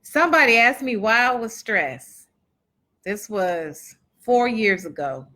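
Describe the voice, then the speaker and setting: A woman with a bright, forward voice shares a personal testimony with a live crowd. She talks in a chatty, folksy way, calls the listeners y'all and acts out the dialogue as she goes. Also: a little high, lively intonation, takes it slowly. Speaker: motivational speaker and author.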